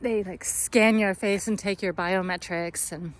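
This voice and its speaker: A woman's voice: mid-range voice, steady tone, a little slow, slight background noise. A woman from the United States telling a travel story to camera in a chatty way, laughing often and full of fillers. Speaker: vlogger.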